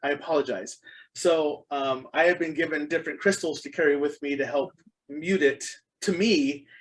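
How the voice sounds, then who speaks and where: A man's voice: fairly high pitch, fairly even intonation, moderate pace, poor audio. A middle-aged man as a podcast guest, speaking in casual interview chat, an earnest storyteller full of ums and restarts.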